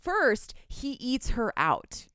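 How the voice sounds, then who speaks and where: A woman's voice: a little high, huge pitch swings, slow, fairly bright tone, clear, resonant tone, dry recording, clean studio sound. A young woman co-hosting a podcast, casually and animatedly retelling a book's plot with laughs and swearing. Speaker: podcast co-host recapping a book. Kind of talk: casual chat.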